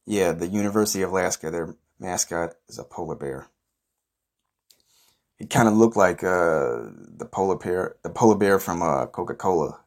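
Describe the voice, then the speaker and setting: A young man hosting a podcast, telling an absurd, profane, boastful story in a rambling deadpan way. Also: low voice, moderate pace. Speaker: podcast host.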